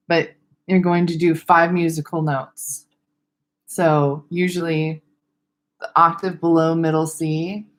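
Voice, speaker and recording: A young woman teaching vocal exercises in a casual online webinar, relaxed and self-deprecating, with a little vocal fry at the ends of her sentences. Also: low-pitched. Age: young adult. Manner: friendly, loose, laughs at herself, demonstrates vocal exercises. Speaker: speech therapist.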